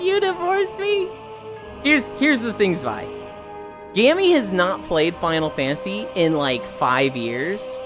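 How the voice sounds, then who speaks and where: A woman streamer chatting casually with her chat, swearing and laughing as she goes. Her voice sits low but swings widely in pitch. Faint music plays underneath. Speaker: livestreamer.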